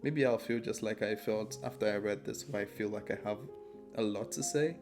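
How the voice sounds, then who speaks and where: A man's voice: on the low side, moderate pace, music in the background. A man giving a casual spoken book review, rambling and hesitant with many ums and restarts.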